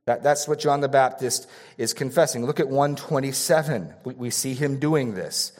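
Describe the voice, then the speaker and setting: A man preaching from the pulpit in an emphatic teaching manner. His voice sits fairly high, and he drives points home by repeating them. He drops to quiet asides, then lifts again for emphasis. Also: moderate pace. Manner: emphatic, repeats key phrases, swings between raised and hushed delivery. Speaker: pastor. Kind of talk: expository sermon.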